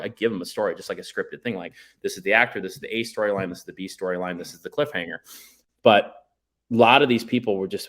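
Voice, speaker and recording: A man with a lowish voice talks in a relaxed, meandering way. He is a guest on a casual podcast, trailing off and restarting as he tells his stories. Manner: rambling, laid-back storytelling with many fillers. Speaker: guest, documentary writer and director.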